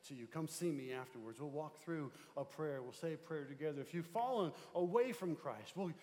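A male pastor preaches a sermon with a noticeably high voice. His voice rings out with a long hall echo in the sanctuary. He swings from forceful, emphatic calls to hushed, low stretches. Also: lively intonation, fairly quick. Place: church sanctuary. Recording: long reverb of a large church hall.

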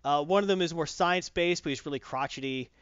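A man hosting a casual chat reviewing a comic book, rambling and animated, acting out voices. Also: fairly high pitch, quick pace, clean tone, no echo, highs cut off. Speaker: podcast host.

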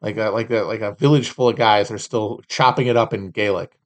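A man's voice: on the low side, fairly even intonation, brisk. A man hosting a solo podcast, reading out trading cards and mocking them with sardonic, profane, rambling asides. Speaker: podcast host.

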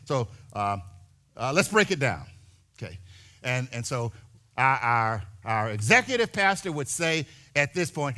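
A man preaching a sermon in a church, animated, building to shouts and repeating his words. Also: mid-range voice. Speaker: pastor.

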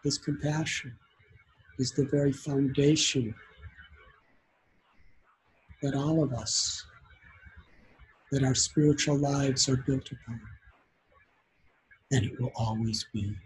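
A man's voice: medium pitch, fairly even intonation, takes it slowly, long pauses, husky, poor audio. A man giving a devotional sermon as a spiritual teacher, telling a story in an earnest, emotional way.

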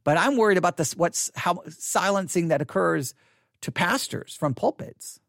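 Podcast host wrapping up news commentary, low-key and reflective, dry close sound. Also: expressive, normal speed, creaky, fairly bright tone, no echo.

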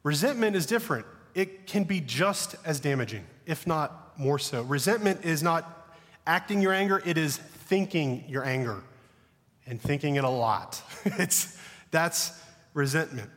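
This pastor's voice is a little high with lively intonation, unhurried, and carries a big-room sound. He's a Southern American man in his thirties giving a chatty, self-mocking sermon, lowering his voice to a whisper for stories.

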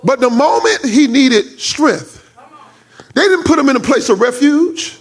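A male pastor preaching a sermon, shouting and half-singing his lines in a rising cadence, talking in casual vernacular. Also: very high-pitched, expressive, measured pace. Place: church.

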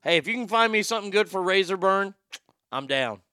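Man, show host, folksy rambling monologue, bright forceful tone, smooth clear voice. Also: high voice, animated, a little fast, no room sound, studio quality. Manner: folksy, rambling, profane, with frequent restarts. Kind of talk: casual talk-show monologue.

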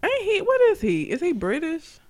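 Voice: extremely high pitch, huge pitch swings, moderate pace. A co-host in casual chat, talking bluntly with lots of swearing and frequent laughs. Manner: blunt, profane, laughs often.

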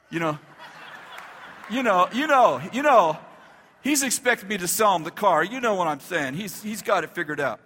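A male pastor telling a story in a sermon, animated, acting out the dialogue and laughing as he goes. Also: high-pitched, normal speed, husky, in a large hall.

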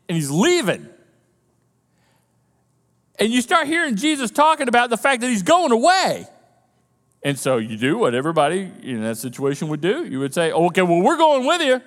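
Male pastor, fairly high pitch, animated conversational preaching. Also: long reverb tail. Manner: animated, conversational preaching, voices the disciples' panic. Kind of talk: sermon.

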